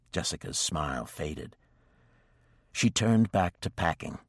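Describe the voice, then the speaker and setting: A man reading a romance novel aloud in scripted audiobook narration, with a measured, even delivery on a close microphone. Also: sits low, slightly rough, no echo.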